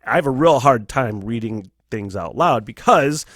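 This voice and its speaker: A man's voice: mid-range voice, animated, normal speed, fairly bright tone, dry recording, studio quality. A man hosting his own podcast, talking candidly and casually, swearing a lot and laughing often. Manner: profane, rambling, laughs often. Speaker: podcast host.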